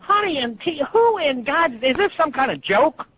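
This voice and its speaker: A man with a very high, lively voice talks on a dull, lo-fi phone line. He sounds confused and quick to take offense, pressing his complaint in a flat drawl. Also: a little hiss or hum. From Fort Wayne, Indiana, United States. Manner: indignant, easily offended, confused. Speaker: hotel guest being prank-called. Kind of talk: phone conversation.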